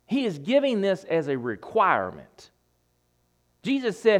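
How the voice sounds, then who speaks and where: A man's voice: sits high, wildly swooping pitch, a little slow, pauses often, fairly bright tone. A man preaching a sermon, emphatic, repeating phrases and dropping his voice for effect.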